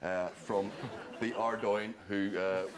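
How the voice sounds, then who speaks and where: A man's voice: fairly low pitch, fairly even intonation, slow, crowd noise. A man with a Northern Irish accent, a comedy panellist telling stories with dry, wry humour. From Northern Ireland. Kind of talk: comic storytelling. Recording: noisy studio.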